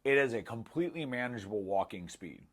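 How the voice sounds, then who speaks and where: A man's voice: mid-range voice, expressive, fast. A man in his thirties giving a candid, self-mocking testimonial in casual storytelling style. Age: 30s. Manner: candid, self-mocking, acts out quoted dialogue. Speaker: former client giving a testimonial.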